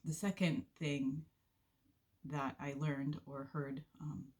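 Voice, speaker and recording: A woman giving an earnest, unhurried devotional talk with soft laughs, sharing a faith testimony from her volunteer work. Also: deep voice, steady tone.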